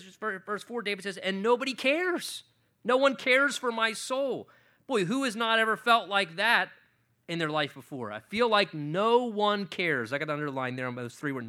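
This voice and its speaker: A man's voice: mid-range voice, sharp tone. A middle-aged male pastor preaching a sermon, acting out scripture with rising passion. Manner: impassioned, voicing scripture with rising intensity.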